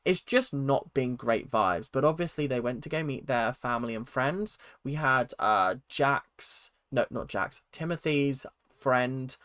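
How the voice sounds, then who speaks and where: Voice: medium pitch, animated, a little slow, fairly bright tone, no echo, studio quality. A speaker giving a casual, chatty recap of a reality TV episode and acting out quotes in silly voices. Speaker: reality TV reaction vlogger.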